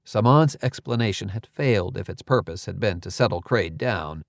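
Casting: male audiobook narrator, first person, measured, dry close mic. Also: on the low side, animated, vocal fry, dry recording.

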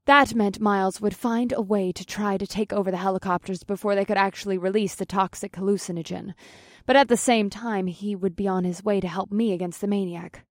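A woman's voice: medium pitch, no echo, clean studio sound. A woman reading an audiobook in the first person. She is plain-spoken and swears casually. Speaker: audiobook narrator.

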